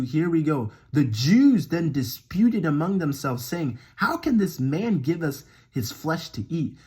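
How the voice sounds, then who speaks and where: Husky young man reading and musing on scripture. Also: fairly high pitch, darkish tone. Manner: slangy and conversational, with reading slowed for emphasis. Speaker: Bible study host. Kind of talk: casual Bible reading and commentary.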